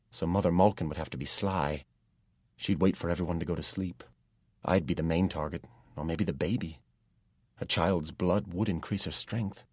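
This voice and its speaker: A man with a very deep, slightly husky voice narrates a first-person fantasy story in steady, measured tones. The recording is dry and close, with no room sound. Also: no echo. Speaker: audiobook narrator.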